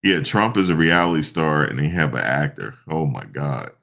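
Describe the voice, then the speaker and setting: Deep-voiced man riffing in slangy commentary. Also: normal speed, gravelly. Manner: slangy, animated, repeats phrases, laughs often. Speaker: online commentator. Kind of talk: casual reaction commentary.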